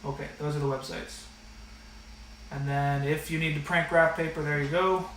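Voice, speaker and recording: A man's voice: a little high, fairly even intonation, moderate pace, fairly bright tone, slight background noise. A man teaching an online math class and going over the rules, talking in a casual, direct way with a lot of fillers. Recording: echoey room, slightly distant mic.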